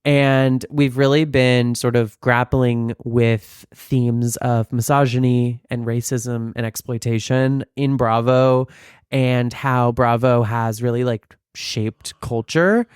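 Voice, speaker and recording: Male podcast co-host, camp and profane, clear resonant tone, dry sound. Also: mid-range voice, flat delivery, slow pace, no room sound. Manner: theatrical, profane, joking. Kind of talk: casual chat.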